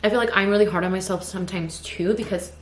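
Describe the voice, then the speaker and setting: A fast-talking woman with a steady, mid-range voice vents in a casual get-ready-with-me video, with a little hiss or hum in the audio. She's in her twenties, a vlogger with two toddlers, chatting frankly and rambling with lots of "like" and "you know" amid roomy echo and faint ambience.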